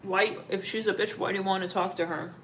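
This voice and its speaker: A woman's voice: mid-range voice, fairly even intonation, quick pace, a little hiss or hum. A young woman doing a casual live tarot reading, rambling and blunt, full of filler words and swearing. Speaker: tarot reader.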